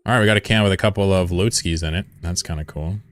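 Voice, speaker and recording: Deep-voiced guy streaming a game, rambly and sweary, laughs a lot. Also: quick pace. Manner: rambling and profane, chuckling often. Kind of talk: casual live-stream commentary.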